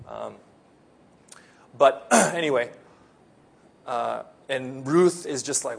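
A man's voice: mid-range voice, slow, creaky, long pauses. A man from the Philippines, preaching a sermon in an earnest, conversational way. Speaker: pastor.

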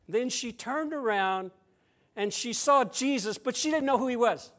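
A man with a notably high voice delivers a sermon, retelling a scripture story in a chatty, conversational way. He drops in playful, humorous asides. His delivery swings from loud emphasis down to soft near-whispers. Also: normal speed. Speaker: preacher.

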